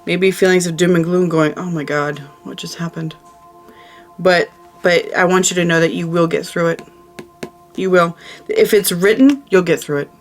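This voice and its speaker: A woman's voice: on the low side, fairly even intonation, normal speed, soft background music. A woman giving a casual tarot reading, chatty and emphatic, who often repeats her phrases. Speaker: tarot reader.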